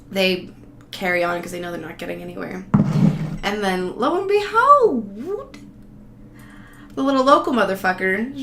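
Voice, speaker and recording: A woman's voice: mid-range voice, vocal fry, a bit bright. A woman telling a casual, rambling travel story, profane and sarcastic. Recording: roomy echo, faint background noise.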